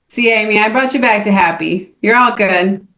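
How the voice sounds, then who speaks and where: Energetic woman coach in an echoey room. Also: medium pitch, moderate pace. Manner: energetic, coaxing the audience to join in. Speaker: motivational coach. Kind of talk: live motivational workshop talk. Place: room with a live audience. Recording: echoey room, dull lo-fi sound.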